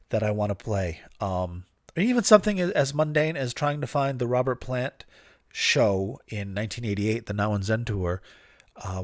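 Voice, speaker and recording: Recorded on a studio podcast mic with no room sound, a man whose voice is on the low side hosts a casual solo show. He wanders from topic to topic, cursing and poking fun at himself, laughing often and fighting a dry cough.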